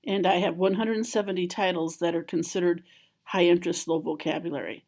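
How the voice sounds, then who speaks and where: Walking viewers through a screen-recorded software tutorial, a woman with a fairly low voice moves at a brisk clip. She lays out each click and menu calmly and plainly, much like a school library trainer would.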